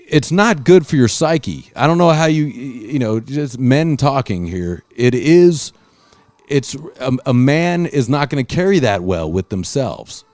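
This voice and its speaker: Animated storytelling man, dry close sound. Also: medium pitch, a little slow, no echo. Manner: animated, swearing, acts out quotes loudly. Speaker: podcast host. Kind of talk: casual storytelling chat.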